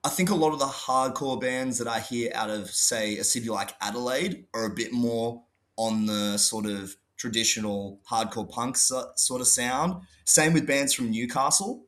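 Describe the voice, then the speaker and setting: A man from Sydney with an Australian accent, a band guest in a podcast interview, thinking out loud with hesitations and casual swearing. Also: medium pitch, normal speed, hardly any pauses. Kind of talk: casual chat.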